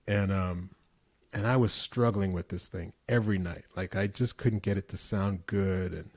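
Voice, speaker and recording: Brief: middle-aged man, lowish voice, dry close sound, relaxed storyteller. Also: normal speed, no echo. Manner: relaxed anecdotal storyteller, easy laughter. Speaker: guest musician. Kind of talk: casual interview chat.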